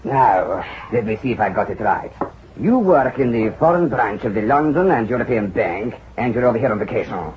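A man voicing a flamboyant, smooth-talking financier who rolls his words out grandly, his pitch swooping up and down as he charms and coaxes. The dull old radio drama recording has a faint hiss. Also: moderate pace, close to an everyday voice. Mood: persuasive. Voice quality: expansive, persuasive, lively intonation. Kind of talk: vintage radio drama acting.

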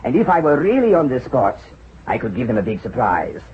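An actor playing a flamboyant, smooth-talking financier in a vintage radio drama, expansive and persuasive. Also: male voice, mid-range voice, brisk. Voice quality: expansive, persuasive, lively intonation. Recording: dull old radio drama recording.

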